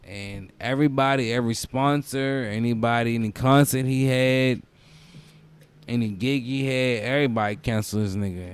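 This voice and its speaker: A young man hosting a comedic podcast, ranting in a loose, profane way and bursting into loud mocking quotes. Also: medium pitch, moderate pace, smooth. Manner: profane, animated storytelling with loud mock quotes. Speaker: podcast host. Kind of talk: casual comedic podcast rant.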